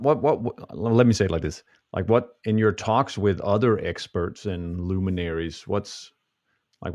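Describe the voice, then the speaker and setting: A man's voice: low-pitched, no echo. A man hosting a casual interview podcast and talking about coaching couples in an easygoing, conversational way.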